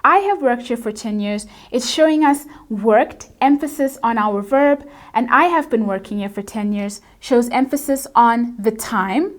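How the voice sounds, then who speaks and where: A woman English teacher giving a scripted grammar lesson, explaining clearly and at a measured pace. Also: fairly high pitch.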